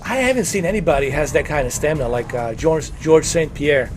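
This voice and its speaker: A man's voice: fairly high pitch, expressive, fairly quick, soft background music. A man in his forties chatting casually on a gaming livestream, rambling, repeating himself and giving earnest opinions. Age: 40s. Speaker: livestream gamer.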